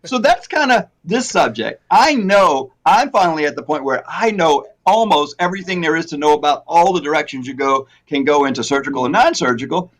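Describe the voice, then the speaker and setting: A man's voice: on the high side, expressive, a little fast, hardly any pauses. Man chatting about his stylist trade. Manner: rambling, self-correcting, laughs often. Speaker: hair replacement stylist. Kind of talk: casual chat.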